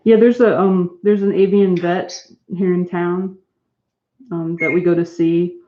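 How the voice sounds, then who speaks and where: A woman at home streams live with her pet parrot. She coaxes it over and over in a lilting, baby-talk voice and drops into relaxed, chatty asides for her viewers. The sound is echoey and a little dull, like a home room caught on a basic stream mic. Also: lowish voice, measured pace, slight background noise.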